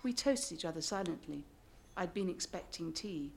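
A woman's voice: on the low side, expressive, moderate pace, creaky, a little hiss or hum. An English woman reading her memoir aloud to a live audience, with wry joking asides between passages. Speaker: author.

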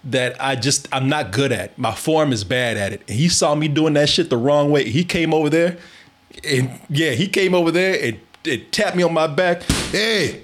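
A man's voice: fairly high pitch, moderate pace, a little hiss or hum. A man telling a story in casual chat, swearing often, laughing a lot and restarting his sentences.

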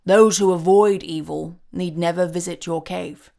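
A woman voicing a kindly, patient old Santa Claus in a storybook reading, speaking calmly with a gravelly tone. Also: lowish voice, a little slow. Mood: gentle. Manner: gentle, calm.

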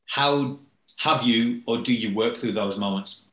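A man's voice: medium pitch, unhurried. Man, casual podcast host, laughs often, says mate, echoey room. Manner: warm, laughs often, calls guest "mate". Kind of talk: casual interview chat.

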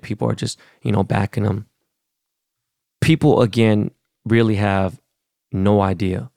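Gravelly, blunt, profane male podcast host. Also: on the low side, darkish tone, dry recording, clean studio sound. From Los Angeles, California. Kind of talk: casual rant.

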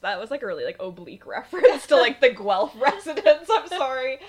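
A woman's voice: sits high, big pitch swings, fairly quick. Chatty young woman podcast host. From Canada. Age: 20s. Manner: chatty, many fillers, laughs often. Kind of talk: casual podcast chat.

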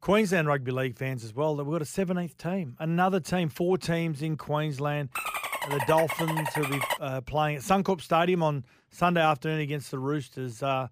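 A man's voice: fairly high pitch, moderate pace, noisy background. A man with an Australian accent co-hosting a radio sports show, giving enthusiastic analysis in long explanatory runs. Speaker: radio sports co-host and former player.

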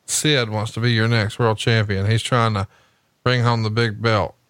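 A man's voice: on the low side, flat delivery, normal speed, a bit bright, smooth, no room sound. A man hosting a podcast, joking and teasing his co-host with crude humor. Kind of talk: casual podcast banter.

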